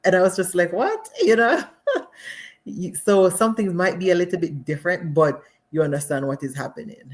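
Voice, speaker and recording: A Jamaican woman speaking as a guest in a casual live interview, animated and laughing often, with many fillers. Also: fairly low pitch, fairly quick. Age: adult with children.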